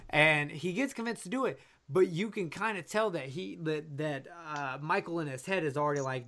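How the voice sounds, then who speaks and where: A man co-hosting a casual podcast about a movie, talking with many pauses and fillers and coughing now and then. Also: fairly high pitch, a bit bright. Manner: hesitant, lots of uh and um. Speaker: podcast co-host. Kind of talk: casual film discussion.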